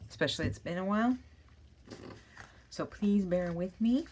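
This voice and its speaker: A woman's voice: mid-range voice, animated, normal speed, a little mellow, slight background noise. A woman hosting a crafting channel, chatting casually and rambling as she works, breaking into laughter at her own stories.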